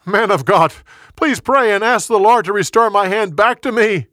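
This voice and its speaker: A stubborn, commanding king, voiced by a man, who speaks up loudly in a somewhat higher voice. The sound is close and dry. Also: sing-song, moderate pace, no room sound. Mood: pleading. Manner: shouting commands, then pleading.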